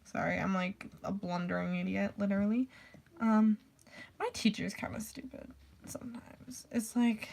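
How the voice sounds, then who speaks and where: A teenage girl in high school, telling a rambling story about her teacher, full of "like" fillers, swearing and quoted voices. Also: moderate pace, vocal fry, a little hiss or hum. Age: teens. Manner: rambling, heavy "like" filler, swearing, animated quoting. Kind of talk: casual storytime rant.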